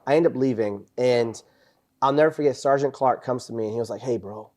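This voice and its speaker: A man's voice: mid-range voice, fast, a little mellow. A young man hosting a casual chat, telling rambling, profane war stories full of "bro" and "dude". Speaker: podcast host, former Marine.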